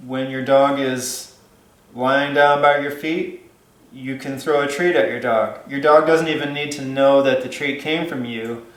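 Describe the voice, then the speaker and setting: A man's voice: medium pitch, fairly even intonation, unhurried, fairly bright tone, roomy sound, poor audio. A man giving dog-training advice in a casual, rambling way, with many fillers and restarts.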